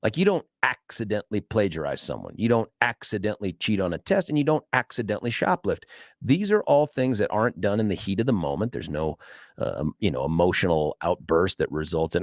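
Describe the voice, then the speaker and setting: A man's voice: lowish voice, sing-song, a little fast, no room sound, studio quality. A man hosting a talk radio show, telling a story in a monologue and acting out the voices of the people he quotes.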